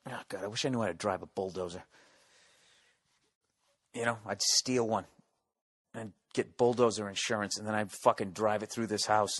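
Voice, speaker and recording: In a fairly low voice, a middle-aged American man hosting a podcast delivers a rambling, profane comic monologue. He shifts back and forth between loud ranting and muttered asides.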